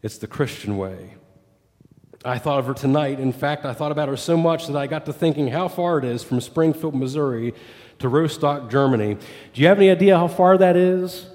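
A man's voice: a little high, a little fast, a little mellow. Man preaching in a reverberant church. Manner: retells a story with quoted dialogue, rising and falling with it. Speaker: pastor. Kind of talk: sermon storytelling.

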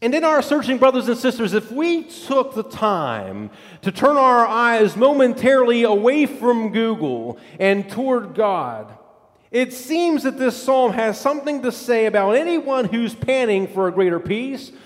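A man preaching a sermon as pastor, with an emphatic, repetitive cadence that drops low and soft for scripture. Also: sing-song, measured pace. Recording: long reverb of a large hall.

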